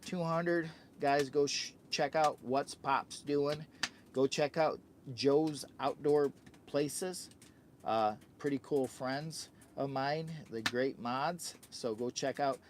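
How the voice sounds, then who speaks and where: An older man with a medium-pitched voice takes his time, with slight background noise, as he livestreams from a hot tent outdoors on a windy day. Chatty and casual, he repeats himself and refers to himself in the third person.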